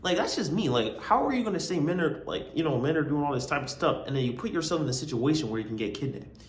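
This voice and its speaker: A man's voice: fairly high pitch, expressive, fast, roomy sound, slight background noise. A young man vlogging as a college student, telling a long story in a rambling, slangy way, with lots of asides and "you know what I mean". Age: young adult. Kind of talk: casual storytelling.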